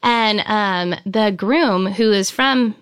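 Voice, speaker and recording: Chatty woman with a smooth, clear voice. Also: mid-range voice, slow, a bit bright, no echo, studio quality. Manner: chatty, enthusiastic, many ums and likes. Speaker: wedding and travel photographer. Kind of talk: casual interview chat.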